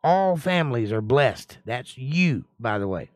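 A man's voice: mid-range voice, big pitch swings, measured pace, no echo. A man leading a casual livestream Bible study in a folksy, chatty way, reading scripture aloud, explaining it, and greeting viewers by name. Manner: reads scripture aloud and comments on it.

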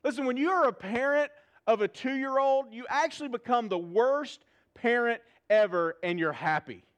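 Man, pastor, high voice, animated humorous sermon, live church audience. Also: moderate pace.

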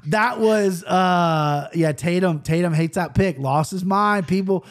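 A man's voice: high-pitched, measured pace. A man hosting a podcast, talking fight picks in a loose, joking way and swearing casually. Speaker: podcast host.

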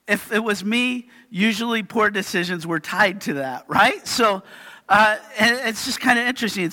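A man's voice: high voice, bright, forceful tone. A man preaching a sermon in a chatty storytelling way, often checking in with the congregation. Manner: chatty storytelling, keeps asking "right?". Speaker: pastor. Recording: long reverb of a hall.

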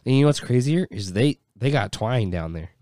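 A man's voice: medium pitch, expressive, mellow, no room sound, studio quality. A young man co-hosting a podcast, chatty and eager in casual talk. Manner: chatty, eager, quick to agree. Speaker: podcast co-host. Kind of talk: casual chat.

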